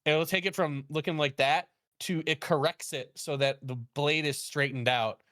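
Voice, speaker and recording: A man who works as a chef, telling a story in casual chat, animated, laughing often and acting out quoted dialogue. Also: a little high, normal speed, no room sound, studio quality. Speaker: guest, chef.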